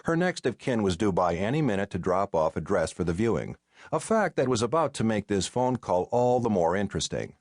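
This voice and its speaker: A man narrating a mystery audiobook in the first person, with a wry, deadpan way of telling the story, on a close studio mic. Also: fairly low pitch, brisk, no room sound.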